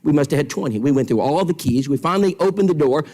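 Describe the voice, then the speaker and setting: A man's voice: a little high, expressive, fast, warm tone. A man teaching an evangelism seminar in a church, telling stories with quoted dialogue in an emphatic way. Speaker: preacher.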